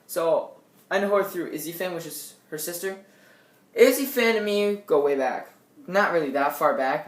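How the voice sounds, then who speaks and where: Young woman telling a story in an echoey room. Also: fairly low pitch. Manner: animated, swings between loud outbursts and quiet asides. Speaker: vlogger. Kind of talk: casual storytelling vlog. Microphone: tablet built-in mic.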